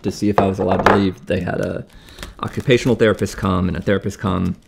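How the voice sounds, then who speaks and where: Amid heavy background noise, a young man recovering from surgery chats while cooking at home, recounting a story with exasperation and acting out quotes from others. His voice is low, creaky and fast, with little pitch movement.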